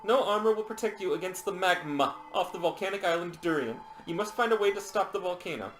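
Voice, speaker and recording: A man's voice: sits high, animated, fast talker, a bit bright, reverberant, soft background music, voice pushed up. A man voicing a gracious young female mermaid dancer in a video game, speaking in a formal, solemn way.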